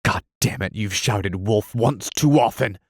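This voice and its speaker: A man's voice: lowish voice, unhurried, no echo, studio quality. A man reading an audiobook voices a weary young soldier who speaks in a bitter, clipped way. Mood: angry.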